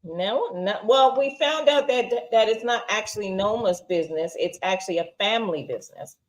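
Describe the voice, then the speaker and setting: A woman's voice: mid-range voice, normal speed, poor audio. A woman co-hosting a casual TV episode review, firmly explaining her view and pushing back on her co-host. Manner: firm, explains and pushes back. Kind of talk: casual chat.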